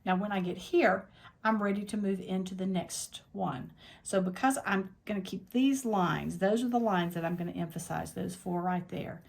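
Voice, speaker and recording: At a longarm machine in her quilting workspace, a woman teaches a tutorial, explaining each step of what she's doing in a plain, practical way. She thinks aloud as she goes, her mid-range voice creaky and her pace moderate.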